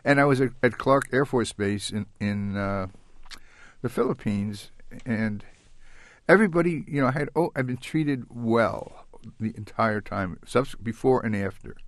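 An older man telling his own story as an interview guest, halting and reflective, with many restarts. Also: mid-range voice, dry recording. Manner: halting and reflective, with frequent restarts and soft laughs. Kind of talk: recounting a personal story in an interview.

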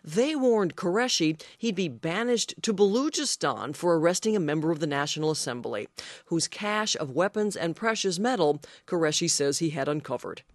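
A woman reporter narrating a radio news story in a measured voice. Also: lowish voice, lively intonation, dry recording.

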